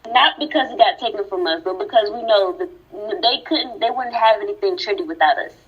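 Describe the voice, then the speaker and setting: A woman co-hosting a casual podcast discussion, speaking in a reflective, measured way with fillers. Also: medium pitch, dull audio. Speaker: podcast co-host.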